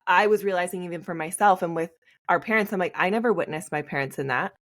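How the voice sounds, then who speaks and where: A woman in her thirties hosting a podcast, telling stories in a chatty, animated way and acting out the quotes. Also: fairly low pitch, quick pace. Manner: animated storyteller, acts out quotes. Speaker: podcast host. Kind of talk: conversational podcast interview.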